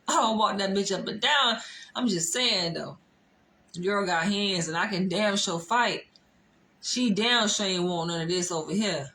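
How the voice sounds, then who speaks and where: A woman's voice: mid-range voice, a little slow, pushed and bright, low-quality recording. A woman telling a story in a vlog, swearing often, laughing and stressing her words. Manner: profane, laughing, emphatic. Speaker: vlogger. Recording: faint background noise.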